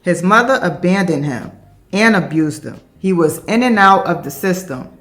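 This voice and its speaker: A woman host giving scripted narration in a measured, declarative storytelling manner. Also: lowish voice, animated, fairly bright tone.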